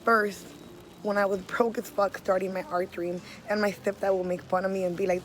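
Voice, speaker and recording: A young woman from the Los area, an artist telling her own story in blunt, profane words, loud one moment and hushed the next. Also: medium pitch, level tone, normal speed, slight background noise. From Los Angeles area. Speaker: street artist. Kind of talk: candid personal storytelling.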